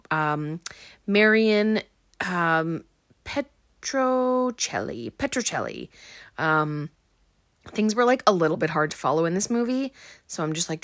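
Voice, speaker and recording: A young woman chatting through a film recap, her talk loose and full of fillers. Her voice sits a little low for a woman. The sound is dry and close. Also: fairly bright tone, no echo. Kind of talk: casual movie recap.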